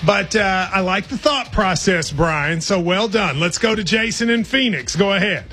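A man's voice: high voice, expressive, over music. A man hosting a sports radio call-in segment with playful, upbeat banter. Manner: upbeat, playful, quick to laugh.

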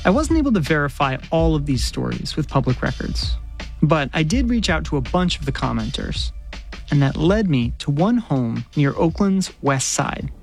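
A woman reporter narrating a radio news story in a measured, clear storytelling voice. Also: deep voice, sing-song, a little mellow, soft background music.

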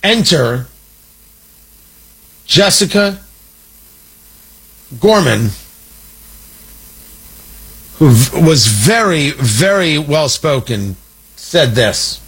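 A man's voice: a little high, very animated, drawn-out words, long pauses, a bit bright, husky, low-quality recording. A man hosting a political commentary show, talking in an indignant, emphatic way with mocking asides. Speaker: talk show host.

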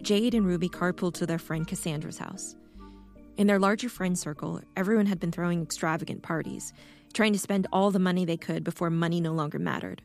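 A woman reads a short story aloud in a calm, measured, deadpan voice. Her voice sits low and has a gravelly creak. Faint music plays underneath. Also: no echo. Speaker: narrator. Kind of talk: audiobook story reading.

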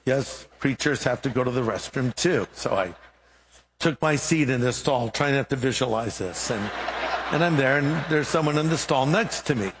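Pastor preaching with animated storytelling. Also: male voice, medium pitch, normal speed, long reverb tail, slight background noise. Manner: storytelling with acted-out dialogue and humor. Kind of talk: sermon.

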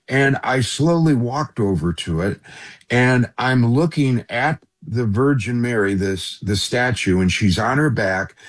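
A man's voice: fairly low pitch, husky. A man who works in radio, earnestly telling a personal story as a guest in a conversation and often addressing the host by name.

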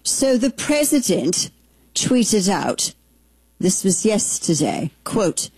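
A woman's voice: medium pitch, sing-song, slow, darkish tone, husky, no room sound. Chatty woman hosting political commentary, dry sound. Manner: opinionated and chatty, thinks aloud with restarts.

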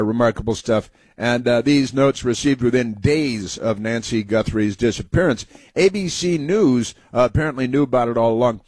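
A man's voice: medium pitch, a little mellow, dry recording. A man hosting a talk show, giving an indignant, sarcastic political monologue full of "uh" fillers.

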